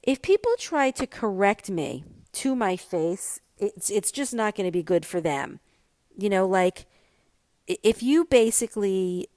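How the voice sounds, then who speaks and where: Her pet peeves are the topic as a middle-aged podcast host chats casually and with animation on her solo show. She speaks at a medium pitch, and there's no echo.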